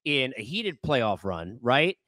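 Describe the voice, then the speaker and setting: A man's voice: medium pitch, sing-song, takes it slowly, bright, forceful tone, dry recording. Talky host guy, loops around his questions, dry close sound. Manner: rambling, restarts questions, chatty. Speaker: baseball broadcaster, host. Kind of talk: casual interview.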